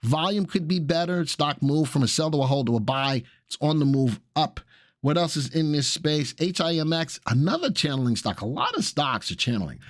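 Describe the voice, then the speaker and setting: A man's voice: fairly high pitch, very animated, normal speed, no room sound, clean studio sound. A man with a Southern US accent, hosting a live stock analysis show and chatting casually with viewers while he walks through charts.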